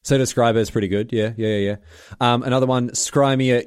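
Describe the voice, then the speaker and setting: A man co-hosting a podcast in casual chat, jokey and animated, often mimicking cartoon voices. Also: mid-range voice, brisk, smooth, no room sound, studio quality. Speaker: podcast co-host.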